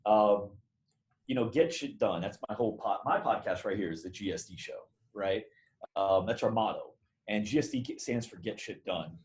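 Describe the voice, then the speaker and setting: A man talking as a podcast guest, telling a story in a rambling, animated way with casual swearing. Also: lowish voice, moderate pace.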